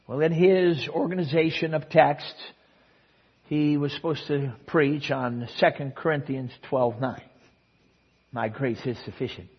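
Dramatic preacher with a husky voice. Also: male voice, mid-range voice, dull audio. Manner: storytelling with dramatic swings in loudness and pace. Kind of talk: sermon. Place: church service.

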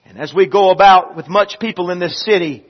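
A male pastor preaching with a fairly high, husky voice that swells loudly and then falls to a hush. He leads the room in call-and-response scripture reading. The recording is dull and lo-fi. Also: fairly quick. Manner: swells loud then drops to quiet. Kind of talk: sermon.

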